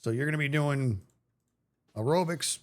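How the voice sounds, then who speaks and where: A man putting on the voice of a stern male high-school gymnastics coach who gives gruff, strict warnings. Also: normal speed, faint music behind, lightly acted.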